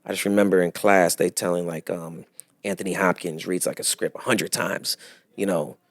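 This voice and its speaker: A man, an actor guest telling animated stories in a casual interview chat. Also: sits low, normal speed, dry recording. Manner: animated storyteller, acts out other voices with laughter.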